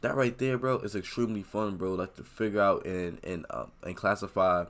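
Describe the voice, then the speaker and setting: Man, reaction host, casual slang, low voice, says bro a lot. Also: fairly even intonation, moderate pace, a bit bright.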